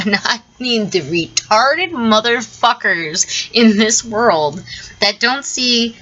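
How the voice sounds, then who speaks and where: A woman's voice: medium pitch, expressive, slow pace, sharp tone, highs cut off, slight background noise. A woman from the southern United States, ranting her opinions in a vlog, blunt and profane, laughing often between points. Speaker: vlogger. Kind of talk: opinion rant to camera.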